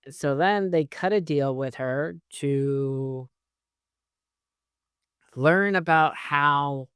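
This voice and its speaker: A man's voice: on the high side, very slow, smooth, no room sound, studio quality. A man hosting his own show, giving a casual, rambling recap of a TV episode with frequent swearing. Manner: rambling, profane, conversational. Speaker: host.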